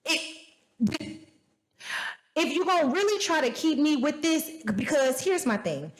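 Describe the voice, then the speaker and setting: A woman's voice: high-pitched, unhurried, rough recording. Chatty woman host talking movies. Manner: chatty, animated, talks straight to viewers. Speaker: podcast host. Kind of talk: casual movie review chat.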